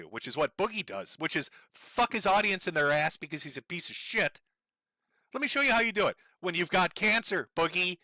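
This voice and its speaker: A man's voice: on the high side, bright, forceful tone, no echo. A middle-aged man giving angry, profane commentary on a livestream, mocking and sarcastic, sore from broken ribs. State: in pain from broken ribs, on medication.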